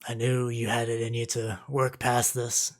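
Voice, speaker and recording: A man doing a gruff ghostly vampire. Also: mid-range voice, monotone, moderate pace, pitched below the performer's own voice, close to an everyday voice. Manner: blunt and streetwise, calls the listener kid. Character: gruff ghostly male vampire, a head on a phantom body.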